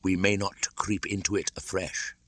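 A man's voice: low-pitched, flat delivery, moderate pace, a bit bright, no room sound, voice pushed up. A man playing a cold, solemn giant python. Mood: grave.

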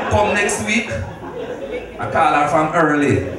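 A man's voice: on the high side, expressive, slow. Middle-aged man speaking in an echoey hall. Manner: storytelling, laughing, preacherly. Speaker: speaker at a birthday celebration. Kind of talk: heartfelt personal speech. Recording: echoey hall from far off, noisy.

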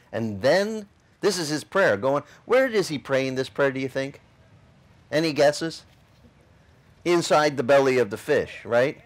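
Male pastor, casual sermon, joking, rhetorical questions, medium pitch. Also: animated, measured pace.

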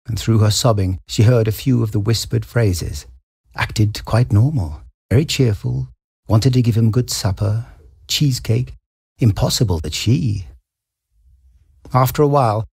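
A man reading a short story aloud in a measured, wry storytelling manner. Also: fairly low pitch, vocal fry, mellow, breathy edge, no room sound, clean studio sound. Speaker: story reader.

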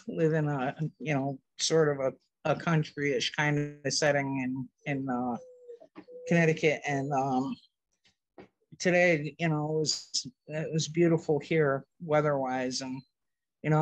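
A man joining a prayer call to share a personal testimony, halting and full of restarts, getting weepy as he talks. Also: a little high, no room sound. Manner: halting, many restarts, tearful. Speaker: participant sharing a testimony. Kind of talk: emotional personal sharing.

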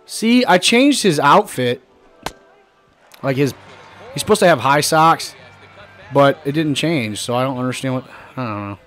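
A hoarse man giving casual, excitable commentary while playing a baseball video game, often swearing and shouting at the players. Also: mid-range voice, a little slow, pauses often, soft background music. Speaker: gaming channel host.

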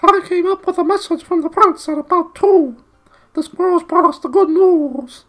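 A man voicing a sleepy, fussy male owl in a storybook, with a shrill, cooing voice. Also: normal speed, a bit bright. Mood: drowsy.

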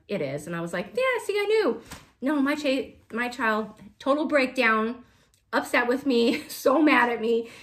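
A woman's voice: a little high, a bit bright. A woman in her thirties hosting a casual cross-stitch vlog, talking to her viewers in a chatty, rambling way with frequent laughs. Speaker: Flosstube cross-stitch vlogger.

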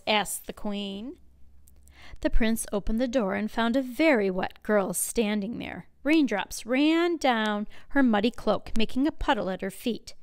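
A woman librarian reading a picture book aloud at a children's storytime, expressive and full of sound effects. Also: fairly high pitch, unhurried, clear, resonant tone.

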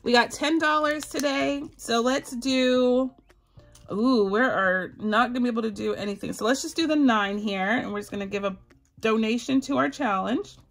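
A woman's voice: fairly high pitch, moderate pace, faint music behind. A woman from the Southern US with a Southern accent, chatting casually and giggling as she hosts a cash budgeting vlog. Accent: Southern American. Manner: bubbly, giggly, talks to viewers as y'all. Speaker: budgeting channel host.

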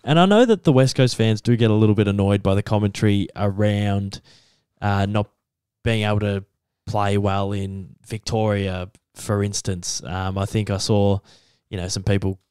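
A man with an Australian accent co-hosting a casual sports podcast, easygoing and quick to laugh. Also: fairly low pitch, a little mellow, clear, resonant tone, no room sound, clean studio sound. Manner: easygoing, laughs often, hedging. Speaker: podcast co-host.

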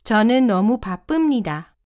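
Fast-talking woman reading lesson prompts. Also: fairly high pitch, expressive, a little mellow. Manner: reads each short prompt once, crisply. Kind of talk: brisk reading of Korean prompts.

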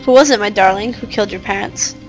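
A woman's voice: mid-range voice, fast, faint music behind, lightly acted. A woman voicing a troubled young girl who pleads anxiously with her cat and the adults around her. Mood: pleading.

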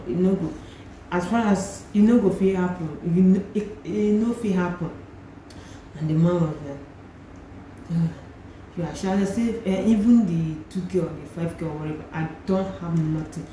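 A woman's voice: lowish voice, slight background noise. Nigerian woman retelling a story, echoey room. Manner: animated retelling with pidgin phrases. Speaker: vlogger. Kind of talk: storytelling vlog. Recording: very echoey room, faint ambience.

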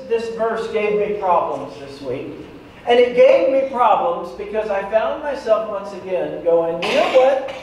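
High-voiced man preaching, joking, in an echoey church. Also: recorded from a distance. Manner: lively, joking asides to the congregation. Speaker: pastor. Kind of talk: sermon. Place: church sanctuary. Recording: echoey church hall, voice from afar, faint noise.

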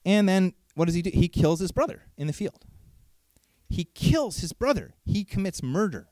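A man preaching a sermon in an animated, conversational way, asking frequent rhetorical questions. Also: sits high, moderate pace, no room sound.

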